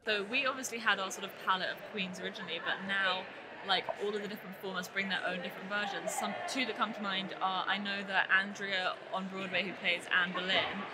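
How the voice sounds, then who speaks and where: A woman's voice: mid-range voice, steady tone, quick pace, hardly any pauses, loud music behind the voice, rough recording. A woman explaining details plainly in a casual interview chat. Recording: loud background noise.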